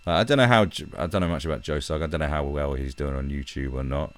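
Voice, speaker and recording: Deep-voiced British man ranting profanely. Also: fast, no room sound. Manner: profane, animated, heated. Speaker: live streamer. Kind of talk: ranting live-stream commentary. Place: his own room.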